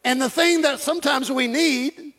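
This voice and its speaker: A man preaching an animated sermon, acting out dialogues and repeating phrases. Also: very high voice, normal speed. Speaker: pastor.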